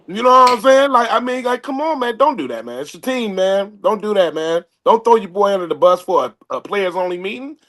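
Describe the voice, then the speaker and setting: A man's voice: sits high, animated, a little fast, hardly any pauses, a bit bright. A man on a sports panel, giving his take in a preachy way and repeating "you know what I'm saying.". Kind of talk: casual sports talk.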